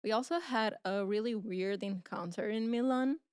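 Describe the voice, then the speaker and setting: A woman's voice: mid-range voice, moderate pace, clear, resonant tone, dry recording, studio quality. A young woman co-hosting a casual chat podcast, telling stories with lots of laughter. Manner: giggly, animated storytelling. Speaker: podcast co-host.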